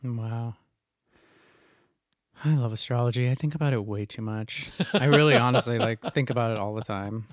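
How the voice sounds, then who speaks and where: A man co-hosting a casual podcast, animated and playful, often acting out little quotes. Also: medium pitch, moderate pace, no room sound, clean studio sound. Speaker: podcast co-host. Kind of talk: casual podcast chat about astrology.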